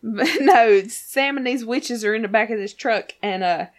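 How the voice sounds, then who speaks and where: A woman's voice: a little high, normal speed. A woman co-hosting a casual chat about a TV episode, profane and laughing often. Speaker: podcast co-host.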